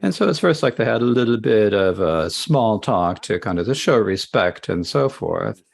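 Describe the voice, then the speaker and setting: A man's voice: fairly low pitch, lively intonation, normal speed, creaky. A man retelling a Buddhist scripture story in a lecture, plain and repetitive, with asides. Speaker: interpreter of a Buddhist teaching.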